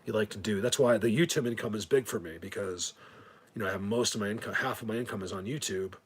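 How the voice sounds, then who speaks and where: Talking fast in a lowish, slightly rough voice, a livestream host thanks his viewers with a lot of rambling and stammering, distracted by a whistling ringing in his ears.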